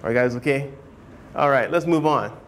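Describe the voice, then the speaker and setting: A man teaching a writing class, animated, often asking students whether they follow and acting out hedging speakers. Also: normal speed, a little hiss or hum. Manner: animated, keeps checking understanding with questions; acts out hedging speakers in a higher voice. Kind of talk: classroom lecture.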